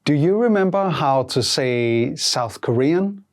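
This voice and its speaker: A woman hosting a language lesson, speaking slowly and clearly and repeating each word twice. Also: deep voice, expressive, noisy background. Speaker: language teacher host.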